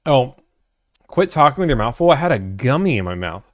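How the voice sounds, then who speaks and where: A man's voice: medium pitch, very animated, fairly quick, no echo, studio quality. Laid-back man chatting to a livestream. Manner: laid-back, chatty, answers chat questions. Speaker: livestream host answering chat. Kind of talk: casual livestream chat.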